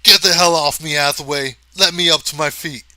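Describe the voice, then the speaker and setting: A man voicing a burly, brash male space ranger who talks loud and gruff. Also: mid-range voice, normal speed, dry recording. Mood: gruff bluster.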